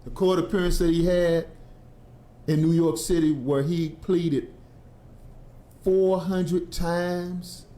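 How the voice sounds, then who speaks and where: Guy hosting talk radio, warm relaxed voice, folksy slangy storytelling. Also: on the high side, measured pace. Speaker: radio show host. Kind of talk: casual talk radio commentary.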